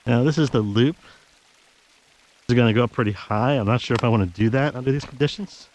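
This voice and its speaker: A man's voice: medium pitch, fast talker, a little mellow, rough recording. A man casually narrating while hiking outdoors on a snowy trail, chatting to the camera and giving his dog firm commands, recorded on an action camera. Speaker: hiking vlogger.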